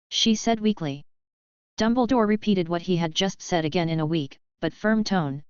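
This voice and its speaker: A woman narrating an audiobook in a steady, even reading style. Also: fairly low pitch, normal speed, clean tone, dry recording, dull audio.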